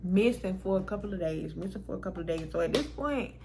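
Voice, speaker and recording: A woman's voice: medium pitch, lively intonation, fast talker, noisy background. A woman vlogger telling a personal story in casual storytime style, frank and exasperated, swearing freely and laughing between lines.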